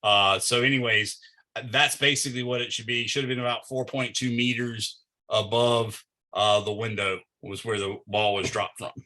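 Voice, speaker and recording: A man's voice: mid-range voice, fairly even intonation, moderate pace, pushed and bright, poor audio. A man tutoring physics, working through a problem step by step and thinking aloud with fillers.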